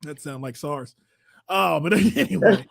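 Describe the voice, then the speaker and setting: A man hosting a podcast, telling funny stories with lots of laughter and loud acted-out quotes. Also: on the high side, expressive, measured pace, gravelly, slightly rough, no echo. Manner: laughing often, acting out quotes loudly. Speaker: podcast host. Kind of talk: casual comedic storytelling.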